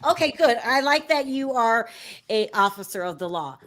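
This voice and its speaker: Chatty female host of a call-in show, high voice, quick to laugh. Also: animated, a bit bright.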